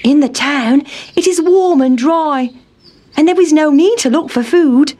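A woman's voice: unhurried, mellow, slight background noise. Woman putting on a whiny town mouse. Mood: boasting. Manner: whiny, high and plaintive. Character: fussy complaining male town mouse.

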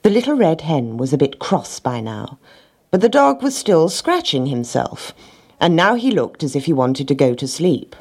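A low, husky woman's voice reads a children's story aloud. She is gentle and expressive, her pitch rising and falling freely through the telling. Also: normal speed. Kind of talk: storybook reading.

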